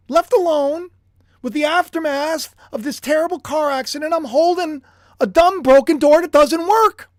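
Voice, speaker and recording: A man preaching on a livestream in an animated, emphatic way, swinging from hushed lows to near shouts. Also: dry recording, studio quality. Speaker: preacher streaming live.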